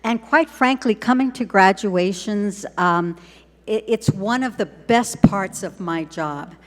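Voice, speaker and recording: An older woman speaks at a podium mic in a large ceremony hall, her words carrying a long reverb. She talks slowly and deliberately, warm and encouraging as she addresses graduates. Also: mid-range voice. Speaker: school superintendent giving a graduation address. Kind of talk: ceremonial speech.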